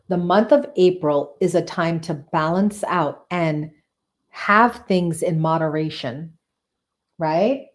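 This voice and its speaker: A woman's voice: on the low side, slow pace. A woman hosting a live-stream tarot reading, chatty and enthusiastic, repeating phrases for emphasis and talking straight to her viewers.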